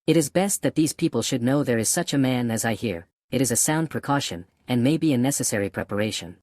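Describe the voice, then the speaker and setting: A man reading the part of a weary, brooding Englishman who talks in a musing, deliberate way. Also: mid-range voice, expressive, a little mellow, no echo, studio quality, natural voice.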